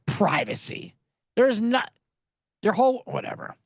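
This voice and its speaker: A man's voice: very high-pitched, big pitch swings, a little slow, husky, dry recording. Sarcastic, profane sports podcast host, man. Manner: profane, sarcastic, shouting mock voices.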